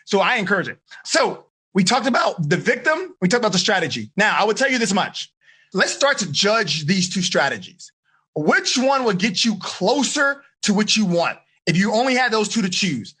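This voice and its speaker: A middle-aged man, a teen life coach, teaching a live online seminar in an energetic, questioning way. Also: sits high, normal speed, breathy edge. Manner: energetic, asks questions, coaxing.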